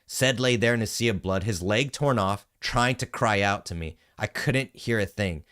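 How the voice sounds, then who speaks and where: A man's voice: lowish voice, moderate pace. A man streaming a game, reading its story text aloud with earnest expression. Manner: earnest, expressive reading with brief surprised asides. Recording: game music behind the voice.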